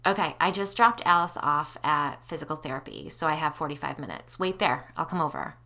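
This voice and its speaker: A woman voicing a brisk, practical friend. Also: low voice, animated, bright, forceful tone, exaggerated voice. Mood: matter-of-fact.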